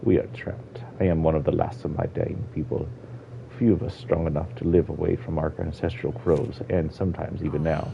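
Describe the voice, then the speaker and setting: A man voicing a sad old Argonian woman elder in a put-on Jamaican-style accent, speaking slowly and quietly over dull lo-fi stream audio. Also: extremely low pitch, level tone, creaky, a little hiss or hum, full character voice. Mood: solemn.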